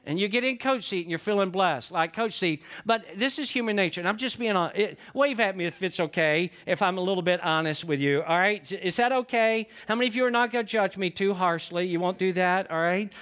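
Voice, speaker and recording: High-voiced folksy male preacher. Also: brisk, few pauses, fairly bright tone. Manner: folksy, asks the congregation questions. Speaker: pastor. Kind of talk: sermon.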